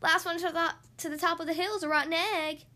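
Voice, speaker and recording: A woman putting on a loud, bragging little duck girl. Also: very high voice, fairly even intonation, fast, voice pushed up. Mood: boastful. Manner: shouting, bragging, hyper.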